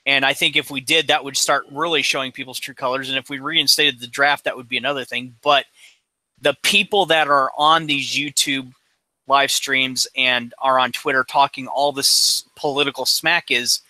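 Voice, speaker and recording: A man's voice: mid-range voice, steady tone, normal speed, sharp tone, no echo, rough recording. A man in his forties in casual podcast chat, ranting bluntly with lots of swearing. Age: 40s. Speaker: podcast co-host.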